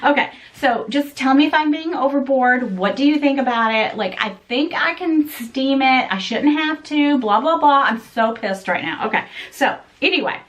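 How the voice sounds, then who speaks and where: Middle-aged woman, high voice, animated unboxing chat, fed-up tone. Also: moderate pace, hardly any pauses. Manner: animated, exasperated, talks straight to viewers. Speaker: fashion vlogger. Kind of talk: casual unboxing chat to camera.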